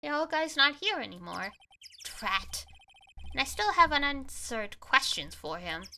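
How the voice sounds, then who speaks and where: A woman reads an earnest young male lawyer, puzzled and a little flustered. The voice is high and very bright. It moves slowly, with pitch that climbs and dips a lot. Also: big pitch swings, a little hiss or hum, heavily acted. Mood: musing. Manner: flustered, mild inner musing.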